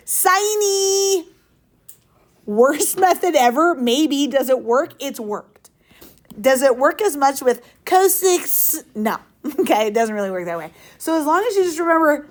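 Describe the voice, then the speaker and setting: Upbeat woman teaching a math class. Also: fairly high pitch. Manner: upbeat, playful, asks the class questions. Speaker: high school math teacher. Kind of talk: classroom lecture.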